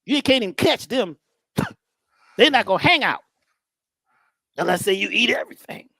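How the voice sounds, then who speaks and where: A woman giving a casual, storytelling lecture, with a lively voice that rises and falls widely. She talks to the listener directly and slips into funny character voices. The sound is dry and close. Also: medium pitch, normal speed, creaky, dry recording. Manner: conversational, animated, acts out voices.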